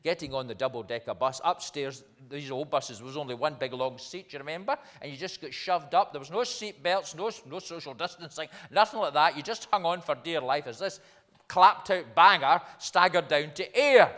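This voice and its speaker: An older man preaches from the pulpit with a slightly raised pitch. He speaks in a conversational way and leans hard on his key points. His voice rings out with a long reverb in the church. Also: brisk, hardly any pauses, fairly bright tone. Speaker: minister. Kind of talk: sermon.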